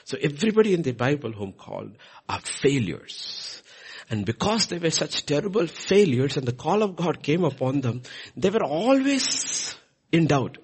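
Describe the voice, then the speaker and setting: Male preacher, sermon, husky voice, lively swooping pitch, church. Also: moderate pace. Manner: animated, swinging pitch and loudness for emphasis.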